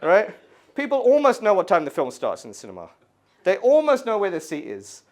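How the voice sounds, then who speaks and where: A man in his thirties from the UK doing an animated stand-up set in a gallery, acting out voices and screaming kids. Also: sits high, brisk. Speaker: stand-up comedian. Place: art gallery before a live audience. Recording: live room with audience laughter.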